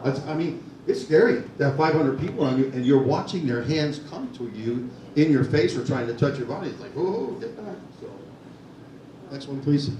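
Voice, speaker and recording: A man's voice: mid-range voice, normal speed, a little mellow. An older man, a former Secret Service agent, telling chatty stories to a meeting and laughing through them. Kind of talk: anecdotal talk to a meeting. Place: meeting room. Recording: echoey room, distant mic, noisy.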